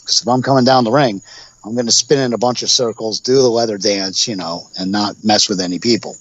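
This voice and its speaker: A man's voice: on the low side, steady tone, brisk, no echo, dull audio. A man in his forties, a guest on a podcast interview, telling rambling stories and acting out what others said, with laughs along the way. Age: 40s. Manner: rambling storyteller, acts out quotes with laughs. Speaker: guest, professional wrestler.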